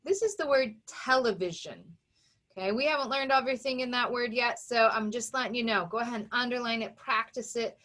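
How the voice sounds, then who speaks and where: Woman, teacher, children's reading lesson, slightly high voice, patient, sounds words out slowly. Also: fairly bright tone. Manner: clear, patient, sounds out letters and syllables slowly.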